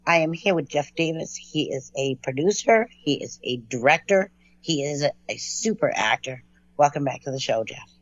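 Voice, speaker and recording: A woman's voice: low voice, expressive, moderate pace, no echo. A woman hosting an interview show, upbeat and encouraging toward her guest, on a dry, dull lo-fi recording. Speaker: show host. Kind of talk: casual interview chat.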